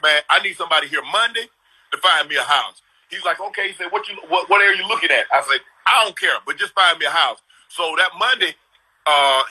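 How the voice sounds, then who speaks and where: Middle-aged guy hosting a video call chat, kinda high, husky, real punchy storyteller. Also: sharp tone, poor audio. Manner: storytelling, emphatic, slangy. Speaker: host. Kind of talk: casual chat.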